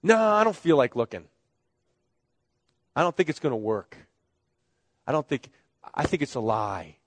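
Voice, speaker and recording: A middle-aged male pastor preaching a sermon, animated, acting out the voices of people in the story. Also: mid-range voice, a little slow, no echo.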